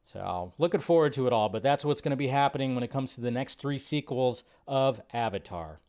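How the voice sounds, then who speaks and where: A man's voice: mid-range voice, expressive, fairly quick, a little mellow. A man hosting a casual live movie news show, chatty and rambling, thinking aloud with fillers as he scrolls at his computer. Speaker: host. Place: home setup at a computer.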